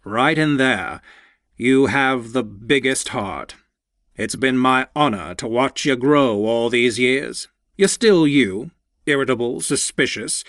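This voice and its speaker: A man narrating an audiobook, voicing a proud older male mentor who speaks with heartfelt, unhurried warmth. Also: mid-range voice, no room sound, studio quality.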